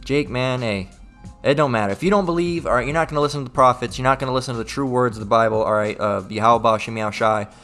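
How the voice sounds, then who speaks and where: A man preaches in a loose, street-level way, swearing freely and checking in with "all right?" after each point. His voice sits at an ordinary middle pitch. Faint music plays in the background. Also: fast, a bit bright. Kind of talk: informal preaching with scripture reading.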